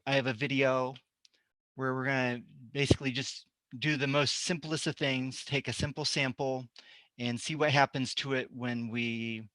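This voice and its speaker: A man's voice: medium pitch, pushed and bright, no room sound. A man presenting at a tech talk, explaining a keyboard sampling demonstration step by step. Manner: explains step by step while working a keyboard and screen. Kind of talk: live technical demonstration.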